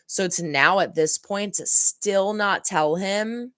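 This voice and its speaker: A woman's voice: medium pitch, takes it slowly, a bit bright, dry recording, studio quality. A young woman hosting a reaction channel, chatting casually and rambling about a TV episode, laughing often and acting out heated lines.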